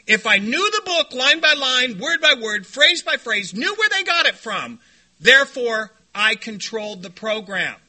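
A man telling a personal story at a recovery meeting, animated and self-deprecating, often laughing. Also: very high-pitched.

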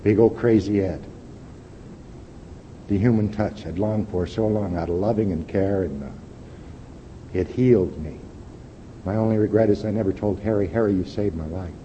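At a recovery meeting, an older man with a dark-toned voice speaks at a moderate pace and pauses often, offering frank, wry personal testimony in plain words. It's a lo-fi recording from an echoey hall with a faint rumble underneath.

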